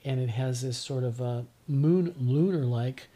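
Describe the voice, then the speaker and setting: A middle-aged man, chatting as a podcast guest. He tells unhurried, reflective stories and often stops and restarts his sentences. His voice sits in an ordinary middle range. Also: medium pitch, dark tone. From Newfoundland, Canada. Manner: reflective, rambling storyteller with frequent restarts. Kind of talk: casual conversation.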